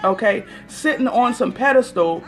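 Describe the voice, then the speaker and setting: A woman's voice: fairly high pitch, expressive, normal speed, soft background music. A woman hosting a casual phone livestream, telling an exasperated story and greeting viewers by name as she goes. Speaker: livestream host.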